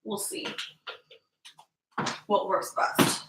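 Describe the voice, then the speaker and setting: A woman's voice: extremely slow, reverberant, heavy background noise. A woman hosting a casual live stream from an upstairs room at home, chatty and apologetic, often calling her viewers "guys".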